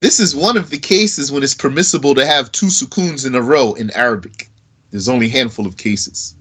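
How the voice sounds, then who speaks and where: A man teaching an Arabic grammar lesson in a casual way, slowly repeating verb forms aloud with fillers like "you know". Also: medium pitch, fairly bright tone, slightly rough, low-quality recording. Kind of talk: recorded lesson.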